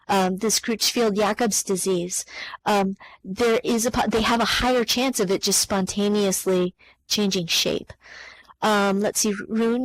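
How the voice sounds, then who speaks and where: A woman giving an online science lesson in a relaxed, conversational way. She fills gaps with ums, catches and corrects herself mid-sentence, and keeps talking straight to her students. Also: medium pitch, low-quality recording. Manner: chatty, many ums and self-corrections. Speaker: science teacher. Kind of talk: live online lecture.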